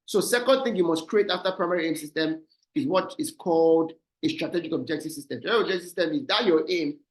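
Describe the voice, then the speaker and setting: A man with a Nigerian accent giving a fast online business presentation, often ending points with "right?". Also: fairly high pitch, low-quality recording. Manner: fast, repeats "right?" as a tag. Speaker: guest speaker. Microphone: video call.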